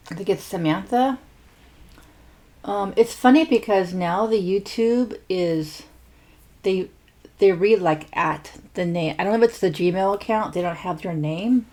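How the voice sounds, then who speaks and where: Here a mukbang host talks slowly in a mid-range, darkish voice, pausing often. Her casual chat centers on reading viewer shout-outs, names and comments alike, with plenty of fillers and false starts.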